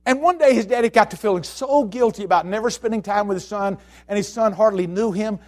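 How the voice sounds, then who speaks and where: A man preaching a sermon, telling stories and repeating phrases, swinging between hushed tones and shouting. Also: high-pitched, fairly quick. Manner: storytelling, repeats phrases for emphasis.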